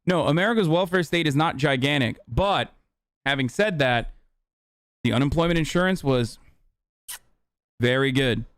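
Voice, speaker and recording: A man's voice: on the high side, lively intonation, normal speed, long pauses, a bit bright, smooth, dry recording, studio quality. A man streaming a reaction to a clip, ranting in a heated, profane, casual way.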